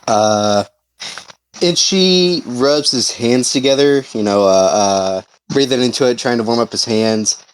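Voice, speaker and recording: A man playing a tabletop game who describes his character's actions haltingly, with many fillers. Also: medium pitch, clean tone, rough recording. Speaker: player.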